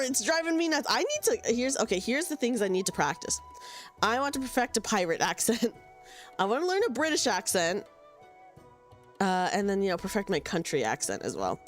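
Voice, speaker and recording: A woman's voice: medium pitch, huge pitch swings, fairly quick, soft background music. A young woman live-streaming a game, chatting casually and giggly with her viewers. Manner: chatty, giggly, talks to chat with many restarts. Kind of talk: casual live-stream chat while playing.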